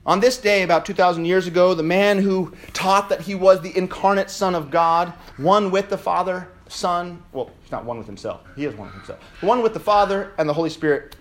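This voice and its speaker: A male pastor preaching an Easter sermon in a church, swinging between shouted declarations and quieter, joking asides. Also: high-pitched, brisk, hardly any pauses.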